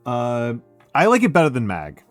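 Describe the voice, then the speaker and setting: A man's voice: mid-range voice, huge pitch swings, normal speed, faint music behind. A middle-aged man from Chicago with a Chicago accent touched by New York, chatting casually on a stream in a rambling, self-correcting way full of fillers. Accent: Chicago with some New York. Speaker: VTuber streamer.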